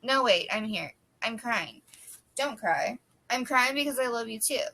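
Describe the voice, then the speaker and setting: A woman's voice: on the high side, lively intonation, measured pace, sharp tone, exaggerated voice. A woman voicing an anxious, lovestruck young woman in an audiobook, chatty and wry. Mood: tearful.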